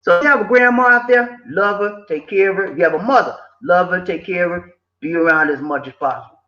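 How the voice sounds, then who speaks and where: Fast and high-voiced, an older man from the southern US preaches life advice in a casual motivational vlog. He's animated, repeats himself, and drops in quoted voices, all captured with dull, lo-fi echo.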